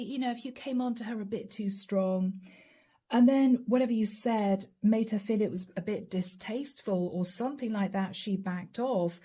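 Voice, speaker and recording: A chatty woman giving a tarot reading and talking straight to her viewer, laughing as she goes. Her voice is mellow and warm, set at a middle pitch for a woman. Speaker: tarot reader.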